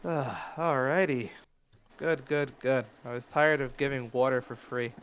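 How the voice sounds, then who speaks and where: A man's voice: medium pitch, steady tone, a little slow, a bit bright, a little hiss or hum, natural voice. A man voicing a proud, easygoing male scrapper bartender who talks casually with hesitant fillers. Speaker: game master voicing a character.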